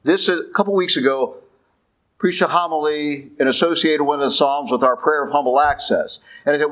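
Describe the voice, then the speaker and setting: Conversational preaching priest, slightly high voice. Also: male voice, a little fast, fairly bright tone, rough recording. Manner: conversational, rhetorical questions and "okay?" check-ins. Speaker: Catholic priest. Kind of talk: sermon.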